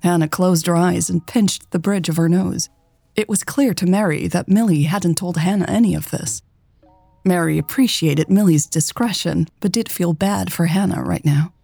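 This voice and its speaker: Low gravelly woman narrating romance. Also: normal speed, dark tone, no echo, soft background music. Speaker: audiobook narrator.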